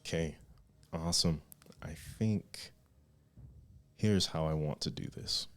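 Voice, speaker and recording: A man narrating as game master in a tabletop game, halting and restarting as he draws out his descriptions. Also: deep voice, a bit bright. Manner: halting, with many fillers and restarts, drawn-out descriptions.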